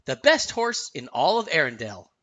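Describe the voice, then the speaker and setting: A man's voice: on the high side, sing-song, moderate pace, bright, forceful tone, heavily acted. A man reading a storybook aloud, voicing a cheerful, playful young princess with bouncy enthusiasm.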